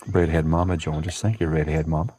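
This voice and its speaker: A man's voice: a bass voice, little pitch movement, fairly quick, warm tone, slight background noise, rough recording. A man with a Southern US accent hosting a casual livestream from a porch at dawn, chatting and greeting viewers by name. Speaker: livestream host.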